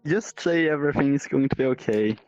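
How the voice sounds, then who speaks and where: A man's voice: mid-range voice, fairly quick, darkish tone, dry recording, muffled recording, faint music behind. A man playing a tabletop game who speaks hesitantly and often trails off mid-thought. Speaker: player. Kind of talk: casual game chat.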